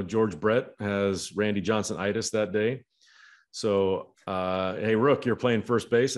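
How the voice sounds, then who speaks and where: Low-voiced man telling baseball stories. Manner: rambling anecdotes with profane quoted voices. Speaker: baseball coach and former player. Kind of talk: casual podcast storytelling.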